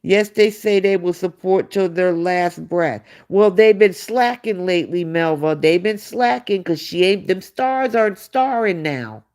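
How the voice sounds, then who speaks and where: A woman hosts a livestream, reading viewer comments aloud and answering with blunt, sarcastic casual commentary. Her voice is on the low side and darkish, unhurried, with hardly any pauses.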